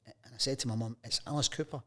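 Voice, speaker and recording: A Scottish man in his fifties tells stories from his working life at an ordinary pitch and a natural pace. He is a guest in a relaxed interview, and he slips into the voices of the people he quotes. The feel is animated and conversational. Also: fast. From Scotland. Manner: lively anecdotes, acts out quoted voices. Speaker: guest, sports journalist. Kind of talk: casual storytelling interview.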